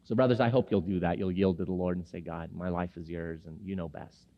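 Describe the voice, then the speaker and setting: A man's voice: sits low, fairly even intonation, brisk. A man in his forties, born in Lebanon, preaching to men in a chatty, humorous storytelling way and acting out the people in his stories. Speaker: preacher at a men's gathering. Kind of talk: storytelling sermon. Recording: echoey hall, dull lo-fi sound.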